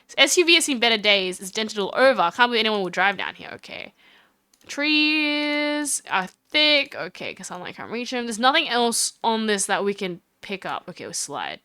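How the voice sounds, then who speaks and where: A woman's voice: mid-range voice, big pitch swings, fairly quick, few pauses, sharp tone, dry recording, studio quality. Bubbly woman streamer's playthrough chatter. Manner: chatty and giggly, talks to chat. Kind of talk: casual let's-play commentary.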